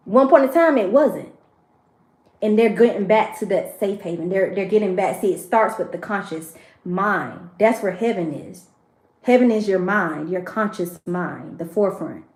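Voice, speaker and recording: An unhurried woman with a mid-range voice reads tarot for her livestream audience, talking straight to them in an emotional, preachy way. The room around her is echoey.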